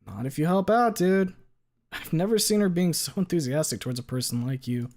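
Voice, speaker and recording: A man's voice: on the high side, expressive, brisk, a little mellow, pitched above the performer's own voice. A man voicing an easygoing teenage boy who talks casually and keeps calling his friend dude and man. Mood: earnest. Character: easygoing teenage boy, a laid-back bro.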